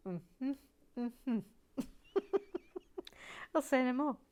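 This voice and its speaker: A woman's voice: high voice, extremely slow, slight background noise. Chatty woman, half-whispering. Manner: rambling, self-deprecating, slips between whisper and soft talk. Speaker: host of a building channel. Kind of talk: casual chat while building, partly whispered.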